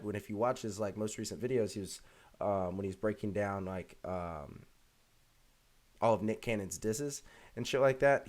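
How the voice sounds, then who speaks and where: A man's voice: lowish voice, darkish tone. A man hosting a reaction video, chatting casually with lots of fillers and restarts. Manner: rambling, many fillers and restarts.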